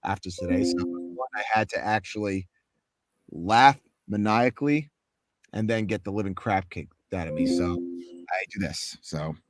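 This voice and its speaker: A man, a voice actor, chatting casually and animatedly about his craft and demonstrating warm-ups, his voice a little sore. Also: on the low side, moderate pace. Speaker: voice actor guest. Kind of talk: casual chat explaining voice acting.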